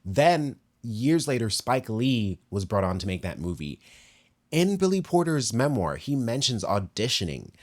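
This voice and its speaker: A man's voice: medium pitch, very animated, a little slow, a little mellow. A man delivering video essay commentary, impassioned and blunt, with sudden emphatic rises and long read-aloud passages.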